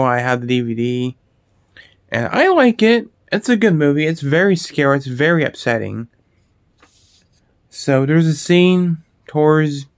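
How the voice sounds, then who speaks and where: A man chatting casually into a close mic, his voice smooth and resonant. He rambles, swears freely and restarts his sentences often. The sound is dry, with no room around it. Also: medium pitch, no room sound. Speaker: video host. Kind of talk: casual horror movie talk.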